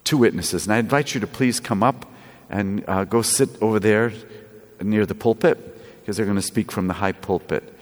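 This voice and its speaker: A man preaching a sermon, slow and lively, with playful asides. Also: lowish voice. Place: church. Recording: echoey church with long reverb.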